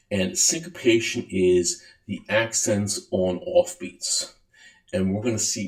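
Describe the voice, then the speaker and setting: Man lecturing on music, very low voice, counts beats aloud, echoey room. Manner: relaxed, full of fillers, counts and sings beats aloud. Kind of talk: recorded lecture.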